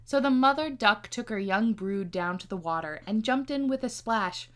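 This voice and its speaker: A woman's voice: fairly high pitch, moderate pace. A woman casually reading a fairy tale aloud, playful, with laughing asides. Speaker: storyteller.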